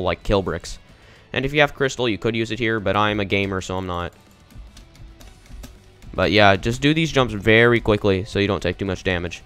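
Smooth and fairly bright, this young man's lowish voice carries casual gameplay commentary. He talks through a walkthrough in a rambling, offhand way and gets confused easily.

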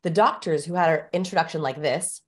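Woman guest expert, somewhat low voice, brisk and emphatic explainer. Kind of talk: interview explanation.

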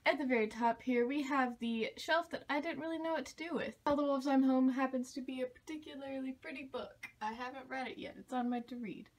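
A woman's voice: high voice, brisk, hardly any pauses. A young woman vlogging casually, chatty and enthusiastic as she talks through her bookshelves, often trailing off and restarting.

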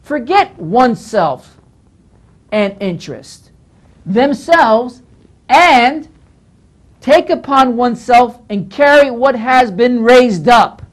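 A man teaching scripture as a pastor, with a lively voice that swings widely up and down. He talks emphatically, scolds now and then, and repeats phrases as he works through each point. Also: extremely high pitch, slow pace. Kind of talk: Bible teaching lecture.

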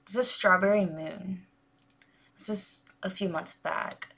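A woman's voice: fairly low pitch, fairly even intonation, takes it slowly, vocal fry, pushed and bright. A woman hosting a music reaction video, gushing and rambling with lots of fillers. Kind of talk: casual music reaction commentary.

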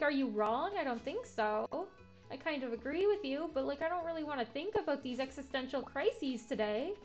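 A young woman rambling through a relaxed game stream, her voice sitting a little high. She talks casually, packed with "like" and wry jokes. The mic sounds muffled and lo-fi, with soft game music behind. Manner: chatty, heavy on filler "like", jokey asides. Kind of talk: casual let's-play commentary.

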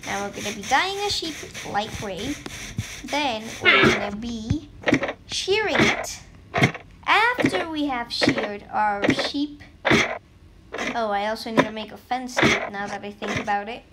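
A woman's voice: a little high, animated, unhurried. A woman giving casual, playful commentary on her own gameplay and chatting to the animals in the game. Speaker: gameplay video creator. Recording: loud background noise.

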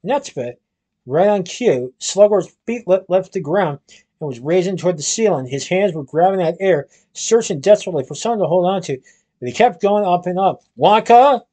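A man reading a storybook aloud, with steady narration and the odd stumble. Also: high voice, fairly quick. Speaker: reader.

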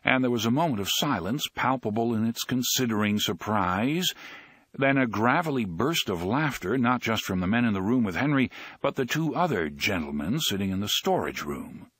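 A man narrating a crime novel audiobook in a steady, measured storytelling manner. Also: mid-range voice, husky.

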